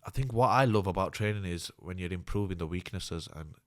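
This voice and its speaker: A man's voice: low voice, brisk. A man, a fighter talking candidly and earnestly as an interview guest. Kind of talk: casual interview talk.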